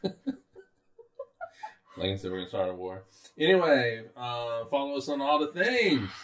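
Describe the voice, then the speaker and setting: A man's voice: mid-range voice, big pitch swings, fairly bright tone. Easygoing man in an echoey room. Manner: easygoing, halting with ums. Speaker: podcast co-host. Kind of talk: casual chat.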